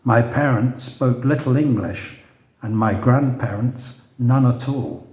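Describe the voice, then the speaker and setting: A man's voice: mid-range voice, slow, a little mellow, roomy sound, natural voice. A man voicing a cultivated, smitten middle-aged husband, speaking in a precise, wordy way as he reads his story aloud. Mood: earnest.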